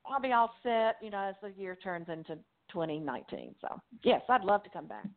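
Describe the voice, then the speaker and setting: Woman author guest, mid-pitched, rambling and easygoing, laughs easily, phone-line sound. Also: expressive, a little fast. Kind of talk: casual interview chat. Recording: phone-line interview audio.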